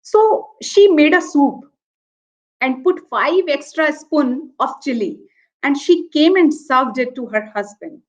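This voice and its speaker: A woman's voice: sits high, expressive, takes it slowly, darkish tone. A woman lecturer, telling a story and then explaining her point earnestly, repeating key phrases. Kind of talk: motivational lecture with a told anecdote. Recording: dull lo-fi online lecture audio.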